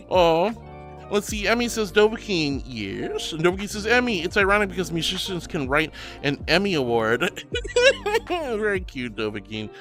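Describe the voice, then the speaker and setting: A man's voice: a little high, a bit bright. A man streaming live in a casual, gushing and affectionate way, reading chat aloud and greeting viewers with giggles.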